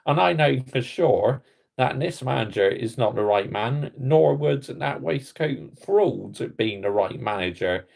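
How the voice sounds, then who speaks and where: Fan-channel host, West Country man, unhurried and croaky, indignant and blunt, repeating stock phrases. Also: medium pitch, expressive, a little mellow. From Somerset, England. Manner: indignant, blunt, repetitive catchphrases. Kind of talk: ranting reaction vlog.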